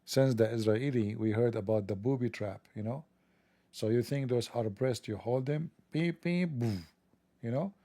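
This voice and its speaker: Speaking at normal speed in a medium-pitched, gravelly yet mellow voice, a man works through a satirical monologue full of mockery and sarcasm. The recording is dry and close-miked, with no room sound at all.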